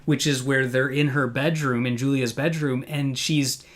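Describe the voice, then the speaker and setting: A man's voice: medium pitch, fairly even intonation, normal speed. Enthusiastic man hosting a film chat. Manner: enthusiastic, many fillers and restarts. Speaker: podcast host. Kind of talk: casual live film review chat. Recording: live online video call.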